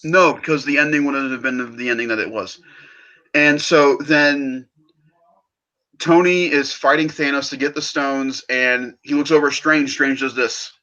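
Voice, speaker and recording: Excited bright-voiced man retelling a film. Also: medium pitch, unhurried, lo-fi sound. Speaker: movie podcast host. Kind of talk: casual film review chat.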